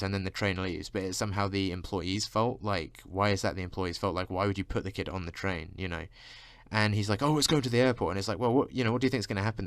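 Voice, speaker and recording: A man's voice: sits low, no echo. A man vlogging a casual rant, constantly saying "like" and swearing freely. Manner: fills speech with "like", swears freely.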